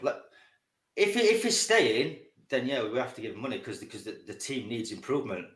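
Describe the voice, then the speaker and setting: A man speaks as a guest on a football chat show, hammering home blunt, emphatic opinions at a middle pitch. His voice carries the echo of a bare room around him. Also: big pitch swings, brisk, fairly bright tone. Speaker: guest pundit.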